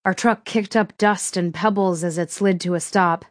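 A woman reading a first-person thriller audiobook in a steady, measured way. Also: on the low side, no echo, clean studio sound. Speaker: audiobook narrator.

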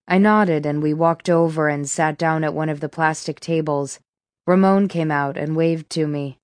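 A woman narrating a first-person audiobook in a measured, steady way. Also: deep voice, no room sound, studio quality.

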